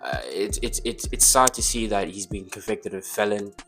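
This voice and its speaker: A man's voice: on the low side, animated, moderate pace, fairly bright tone, faint music behind. A young man talking as a guest on a casual podcast, hesitant, stumbling and repeating words.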